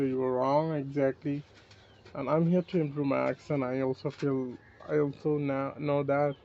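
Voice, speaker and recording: Flat-voiced Bangladeshi man, halting English. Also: fairly high pitch, gravelly, muffled recording. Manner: halting, broken English with restarts. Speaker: English learner. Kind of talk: casual chat with a voice assistant.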